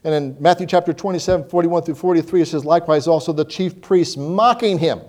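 A man preaching a sermon, quoting scripture and swinging between loud emphasis and hushed, slowed delivery. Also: fairly high pitch.

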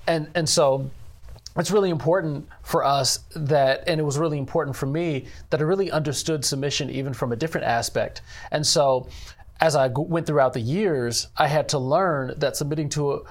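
In an interview about faith, a church ministry director with a voice on the high side speaks earnestly. He keeps a measured pace and often falls back on "you know."

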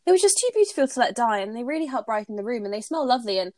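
A woman reading aloud as a flustered young witch, explaining herself in a quick rush. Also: a little high, very animated, a little mellow, dry recording, studio quality, voice pushed up.

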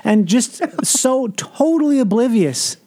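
A man's voice: very high voice, slow pace. A man guesting on a podcast, telling stories animatedly in casual chat. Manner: animated storyteller.

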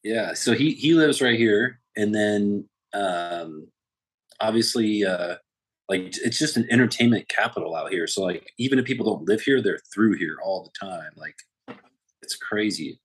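A man with a low, husky voice, talking in a relaxed, laid-back way on a podcast. He fills his speech with "like" as he goes. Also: measured pace. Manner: laid-back, heavy use of "like". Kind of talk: casual chat.

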